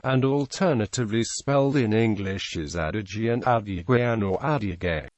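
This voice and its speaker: A computer-generated male voice, somewhat low in pitch, reads an encyclopedia entry with flat mechanical delivery and odd pronunciations. The sound is dry and close, with no room around it. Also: no room sound. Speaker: narrator. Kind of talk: text-to-speech reading of an encyclopedia article.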